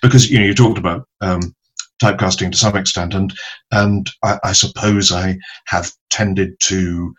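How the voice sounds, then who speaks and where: Husky older actor telling stories. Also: male voice, deep voice, steady tone, fairly bright tone, rough recording. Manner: storytelling, halting with many ums and restarts. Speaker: actor, guest. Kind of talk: relaxed interview anecdotes.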